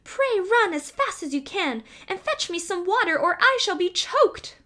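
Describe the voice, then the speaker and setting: A woman voicing a frightened hen who is choking and pleads for help in a shrill, panicked voice. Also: sing-song, measured pace, sharp tone, full character voice. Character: frantic hen choking on a nut.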